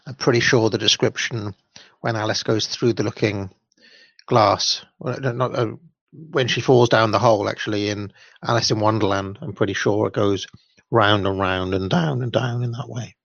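A man's voice: lowish voice, fairly even intonation, moderate pace, creaky, dry recording, dull audio. A man chatting casually and jokingly with hesitant fillers. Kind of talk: casual chat.

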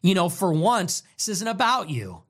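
A talk show host delivers a heated monologue in a lively, up-and-down voice. The talk is profane and emphatic, with phrases repeated for weight. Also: mid-range voice, normal speed.

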